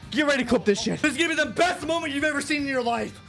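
A young man, a gaming streamer, reacting frantically and loudly to game pulls, pleading and swearing. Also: very high voice, very fast, gravelly, over music.

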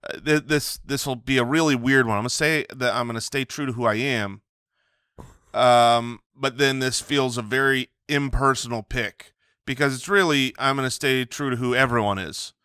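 A man's voice: mid-range voice, fairly even intonation, moderate pace, sharp tone, smooth, no echo, studio quality. A man co-hosting a comedy podcast, rambling through playful, self-mocking rants in casual banter. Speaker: podcast co-host.

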